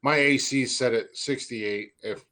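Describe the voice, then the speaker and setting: A man's voice: medium pitch, unhurried, pushed and bright. A young man hosting a podcast, telling stories in a rambling, profane way and often stammering into restarts. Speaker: podcast host. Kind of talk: casual podcast banter.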